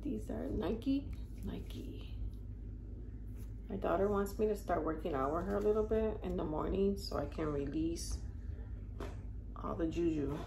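A woman's voice: on the low side, normal speed, creaky, background noise. An older woman with grandchildren, chatting casually and gushing over gifts as she opens her mail and reads the labels aloud. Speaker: vlogger opening mail. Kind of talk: casual unboxing chat.

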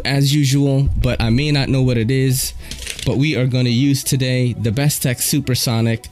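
A man hosting his channel, chatting casually and excitedly in slang while unboxing at home. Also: mid-range voice. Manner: slangy, excitable, loud exclamations. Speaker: channel host reviewing knives. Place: at home at a table.

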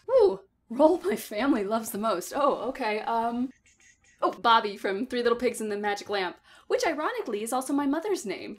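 A woman voice actor hosting her own video, chatting in an exuberant, gushing, playful way about roles she has played. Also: a little high. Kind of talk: bubbly casual vlog chat.

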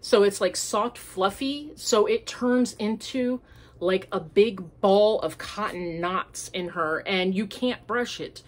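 A woman's voice: mid-range voice, slow pace. A woman chats casually as the host of a homemade crafting podcast. She rambles and wanders through her thoughts. She speaks from home, in an easygoing, unscripted way. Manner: chatty and rambling, with many fillers. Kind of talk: casual chat.

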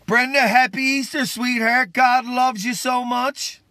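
A man preaching on a live stream, his voice pitched very high and sharply bright. He is fervent and exclamatory, yet sounds worn out. The sound is close and dry, with no room around it. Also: fairly even intonation, a little slow, hardly any pauses, no echo. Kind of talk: impromptu livestream preaching and greetings.

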